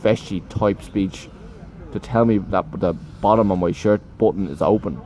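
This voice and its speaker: Loud street traffic and construction clatter surround a podcast host perched at a sheltered outdoor table at a café in the rain. His voice is fairly low and moderately paced, the audio poor, as he swears, complains, and tells stories with animation in a casual rant.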